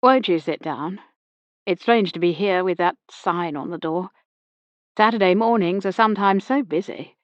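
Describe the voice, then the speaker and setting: A woman voicing a smooth, well-dressed car salesman who has just lost his father, courteous but shaken. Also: sits high, normal speed, dry recording, lo-fi sound, close to an everyday voice. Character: smooth young male car salesman, grieving son.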